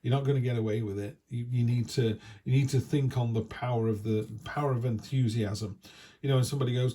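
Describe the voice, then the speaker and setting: A man's voice: mid-range voice, fairly even intonation, a little fast, mellow. A man giving a chatty, down-to-earth weekly tarot reading in a casual, reassuring way. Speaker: tarot reader.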